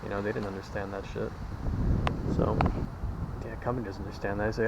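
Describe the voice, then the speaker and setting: A man's voice: lowish voice, flat delivery, fairly quick, vocal fry, pauses often, heavy background noise. A man vlogging while out walking, rambling candidly in a casual monologue and swearing freely. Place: outdoors, walking.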